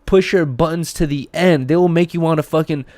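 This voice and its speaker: A man's voice: a little high, a little fast, darkish tone, no echo. A young man hosting a casual podcast, telling rambling stories with lots of fillers and swearing. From Russia. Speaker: podcast host.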